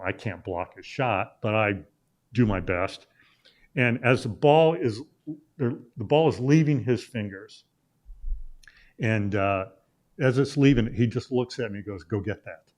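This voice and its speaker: Middle-aged guy from illinois, lowish voice, telling a story on a talk show, lots of uh's and restarts. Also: expressive, unhurried, darkish tone. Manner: rambling anecdote with many "uh" fillers and restarts. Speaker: guest, sports journalist. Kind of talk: casual storytelling in a talk interview.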